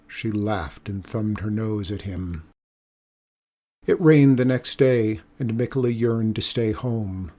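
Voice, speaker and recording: A man reading a children's storybook aloud with expressive, emphatic delivery. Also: fairly low pitch, takes it slowly.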